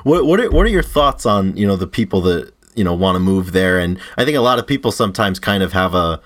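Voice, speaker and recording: A man's voice: low voice, lively intonation, fast. A man co-hosting a casual podcast, asking long rambling questions full of fillers. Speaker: podcast co-host.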